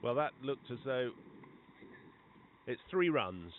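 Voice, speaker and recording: A man speaks slowly in a medium-pitched voice while commentating live on a cricket match at an outdoor ground. He keeps up easy chatter between balls and gets worked up on the big shots, all through a tinny, phone-like line with obvious background noise.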